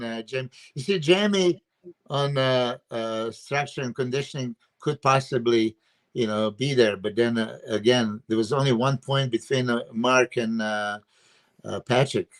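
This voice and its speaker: A man talks a little slowly in a medium-pitched voice. As a guest coach and analyst in bodybuilding, originally a Serbian speaker, he offers opinionated, emphatic podcast talk during a casual video-call chat, full of "you know" and "uh" fillers.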